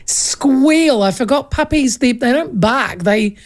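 A woman's voice: high voice, expressive, slow pace. A woman, animatedly telling a funny story in casual chat and acting out the voices.

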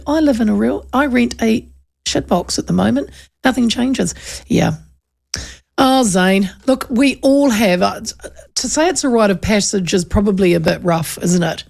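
A woman's voice: medium pitch, gravelly, a little mellow. A middle-aged woman with a New Zealand accent, hosting a show and telling stories in a chatty way, laughing often. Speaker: radio host. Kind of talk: casual chat.

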